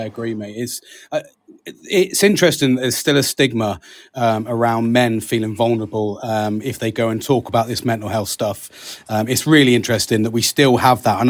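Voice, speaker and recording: A man's voice: medium pitch, dry recording. A British man hosting a casual podcast, chatty, laughing often and calling his co-host mate. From Britain.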